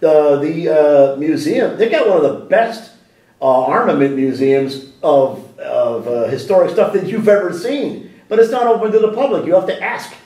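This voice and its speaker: A man's voice: on the high side, normal speed, mellow, reverberant, distant mic, poor audio. A man giving a sit-down interview in a library room, talking animatedly with frequent restarts and rhetorical questions. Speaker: interview guest.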